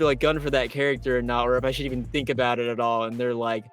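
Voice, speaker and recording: A man, a voice actor, telling his stories as a guest in an interview, excitable and quoting himself with big jumps in pitch. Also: quick pace, soft background music. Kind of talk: animated storytelling in an interview.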